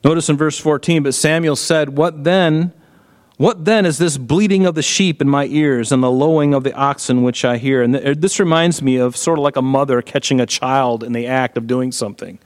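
A man's voice: medium pitch, moderate pace, big-room sound. Conversational man preaching a sermon. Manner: conversational, animated preaching with rhetorical questions. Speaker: pastor.

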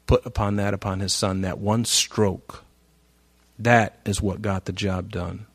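A man preaching a sermon, reading scripture aloud and explaining it. His delivery swings from quiet asides to loud, stressed phrases. The sound is dry and close, with no room echo. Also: fairly low pitch. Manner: reads scripture aloud and comments on it. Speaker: pastor.

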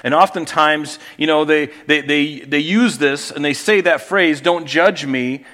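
A man's voice: fairly high pitch, steady tone, unhurried, bright, forceful tone. Middle-aged male pastor, preaching conversationally. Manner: conversational preaching with rhetorical questions and restarts. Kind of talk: sermon.

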